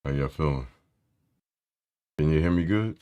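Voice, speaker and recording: Very deep-voiced man hosting a tech live stream. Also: a little slow, warm tone, clean tone, highs cut off. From Philadelphia area. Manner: loose, slangy, greets chat by name. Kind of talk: casual live stream chat.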